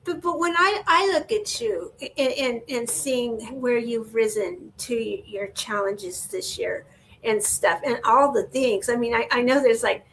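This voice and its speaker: A woman in her sixties with a bright, high voice chats with lively energy, quick to laugh and emphatic in her praise. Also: slight background noise. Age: 60s. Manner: animated, laughing, expressive. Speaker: co-host. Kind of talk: casual chat.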